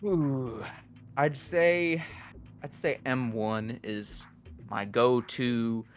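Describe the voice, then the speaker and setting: Guest spot: young man, mid-pitched, loose and rambling podcast talk, music faint behind. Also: fairly even intonation, drawn-out words. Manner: rambling, filler-heavy, candid. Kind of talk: casual podcast chat.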